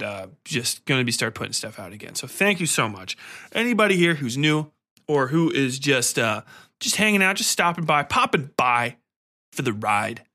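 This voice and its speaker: A man's voice: mid-range voice, sharp tone. A young man hosting a podcast, rambling casually through his outro with blunt, profane remarks and lots of fillers. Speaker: podcast host.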